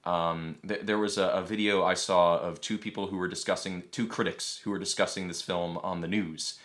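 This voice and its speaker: A man hosting a casual podcast discussion, explaining his points in a measured way and putting questions to the others. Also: low-pitched, fairly even intonation, a bit bright. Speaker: podcast host.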